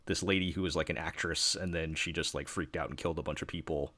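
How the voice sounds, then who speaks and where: Male podcast host from New York, very low voice, dry sound, loose rambling delivery. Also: fairly even intonation, fast talker, pushed and bright, no echo. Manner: rambling, many fillers and restarts. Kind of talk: casual chat.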